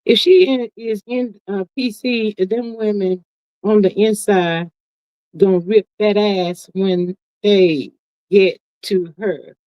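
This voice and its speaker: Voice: mid-range voice, steady tone, slow, dry recording. Brief: sassy live-stream gossip host, folksy chatter, muffled and dry sound. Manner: sassy, folksy, peppered with "honey" and "child". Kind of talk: casual live-stream commentary, reading viewer comments.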